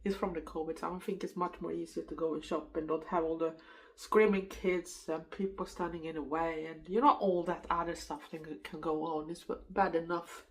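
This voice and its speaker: A woman's voice: on the low side, low-quality recording. A Swedish woman in her fifties, a native Swedish speaker, chatting casually through a makeup tutorial in a rambling, laughing way. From Sweden. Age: 50s. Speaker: makeup vlogger. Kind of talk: casual get-ready-with-me chat.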